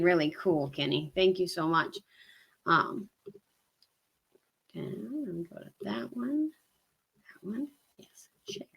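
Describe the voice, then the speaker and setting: A woman's voice: medium pitch, bright, forceful tone. A woman with a Southern US accent co-hosting a hiking livestream, chatting casually and rambling with many ums. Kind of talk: casual live-stream chat.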